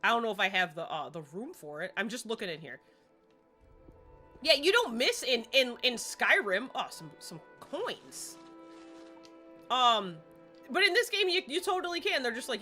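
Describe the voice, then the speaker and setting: Woman streamer, chatty, self-deprecating, bright voice, faint music behind. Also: on the high side, very animated, normal speed. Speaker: livestreamer. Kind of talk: casual gameplay commentary.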